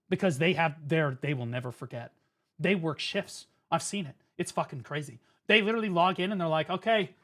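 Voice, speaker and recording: A man streaming, ranting and mocking in a profane comedic style at a desk microphone. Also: a little high. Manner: profane, mocking, lively rant.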